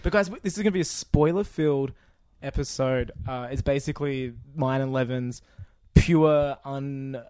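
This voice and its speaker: A man's voice: medium pitch, normal speed, darkish tone, clear, resonant tone, no room sound. Rambling man, dry mic. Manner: rambling, stuttering, laughing. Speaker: podcast co-host. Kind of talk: casual late-night chat.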